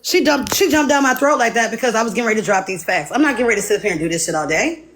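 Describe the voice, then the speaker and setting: A woman recounting events in casual livestream chat, profane and animated, acting out what others said. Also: a little high, rapid-fire. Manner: animated, profane storytelling full of quoted dialogue.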